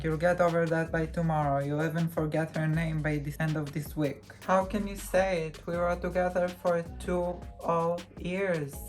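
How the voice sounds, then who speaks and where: Casting: woman doing moping young dudes, subdued, lowish voice. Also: darkish tone, lightly acted. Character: mopey heartbroken young man and his bro.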